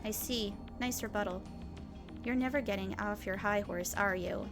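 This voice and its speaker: A woman voicing a sharp-tongued young woman scientist in a visual novel. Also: medium pitch, moderate pace, music in the background, close to an everyday voice. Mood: scornful. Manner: cutting, dismissive.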